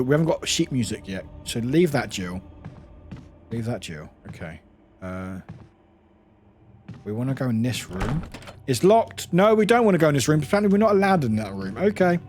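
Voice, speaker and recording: A man streaming a game live, excitable and swearing freely as he chats back to his viewers. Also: medium pitch. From United Kingdom.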